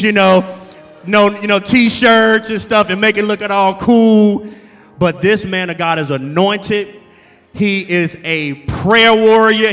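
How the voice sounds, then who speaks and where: Brief: high-voiced man, guest pastor, bright tone, echoey church with music under him. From Alabama, USA. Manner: call-and-response preaching, building to shouts. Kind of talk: sermon. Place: church sanctuary.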